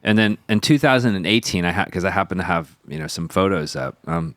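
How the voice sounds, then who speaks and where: Excitable, self-mocking male podcast host. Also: sits low, fast, no echo, clean studio sound. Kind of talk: casual chat. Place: podcast studio.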